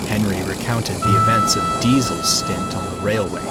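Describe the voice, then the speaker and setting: A man narrating a children's railway story in a measured, expressive way. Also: lowish voice, very noisy. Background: loud music.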